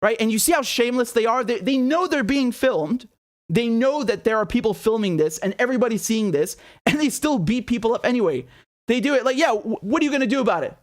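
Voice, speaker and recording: High-voiced man, angry commentary. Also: lively intonation, a little fast. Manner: indignant, fires rhetorical questions. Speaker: political commentator. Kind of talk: impassioned political commentary.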